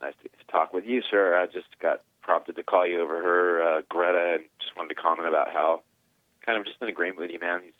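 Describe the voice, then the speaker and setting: Male caller, very low voice, earnest rambler; phone-line audio. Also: fairly even intonation, fairly quick, no room sound. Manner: earnest, rambling, run-on sentences. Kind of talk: phone-in opinion.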